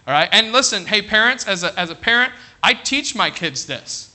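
A middle-aged man preaching a sermon as pastor, animated, checking in with the congregation with "all right?". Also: high-pitched, moderate pace.

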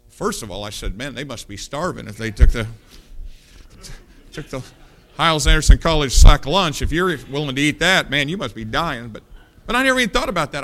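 A male pastor preaching, telling a personal story with lively quoted dialogue and punchy delivery. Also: medium pitch. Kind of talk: sermon storytelling.

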